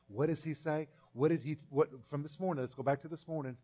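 A man's voice: fairly high pitch, fast talker, few pauses, warm tone, soft background music. Folksy preacher man. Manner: folksy, conversational preaching with repeated phrases and little acted scenes. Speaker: pastor. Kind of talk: sermon.

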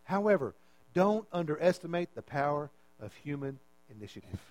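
A man's voice: on the high side, big pitch swings, normal speed, no echo, rough recording. A man preaching a sermon as pastor, emphatic and repeating his phrases as he calls out to the congregation.

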